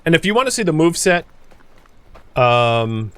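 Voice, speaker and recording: A man's voice: fairly high pitch, sing-song, normal speed, a bit bright, smooth, no room sound. A man hosting a let's play, giving casual gameplay commentary, thinking aloud and talking straight to his viewers. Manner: chatty, thinks aloud, chuckles often; addresses viewers directly.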